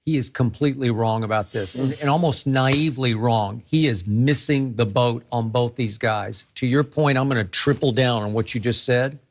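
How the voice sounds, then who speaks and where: A man with a voice of ordinary pitch hosts a sports debate and pounds his opinions hard. He stammers and restarts as he presses each point. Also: moderate pace, hardly any pauses.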